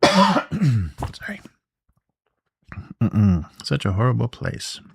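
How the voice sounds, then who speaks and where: A man's voice: mid-range voice, very animated, very slow, gravelly, husky, voice pushed up, exaggerated voice. A man voicing a whiny, cowardly male troll servant in a tabletop adventure, grumbling and complaining. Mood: whining. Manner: whining, grumbling.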